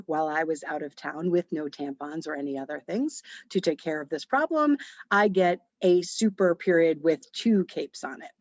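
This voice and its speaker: A woman hosting a podcast, telling a story in a chatty, animated way and acting out bits of dialogue. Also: fairly low pitch, dry recording, lo-fi sound. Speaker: podcast host. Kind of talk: casual storytelling monologue.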